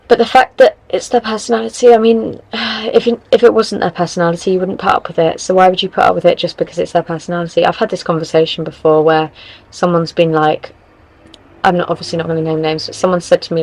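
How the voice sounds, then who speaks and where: A woman's voice: on the low side, steady tone, fairly quick, creaky, darkish tone, dry recording, low-quality recording. A young woman hosting a podcast, chatting casually as she gives relationship advice, rambling and correcting herself as she goes. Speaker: podcast host.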